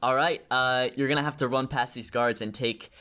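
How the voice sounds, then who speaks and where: Smooth-voiced man running a tabletop game. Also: medium pitch, fairly even intonation, bright, forceful tone. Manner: halting, many fillers and restarts. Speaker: game master.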